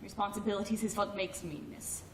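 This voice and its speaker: A woman's voice: mid-range voice, fairly even intonation, a little fast, lightly acted. An actress playing a stern, cold old grandmother who speaks bluntly and in clipped phrases. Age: older. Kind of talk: film drama acting. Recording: roomy, distant film sound, faint noise.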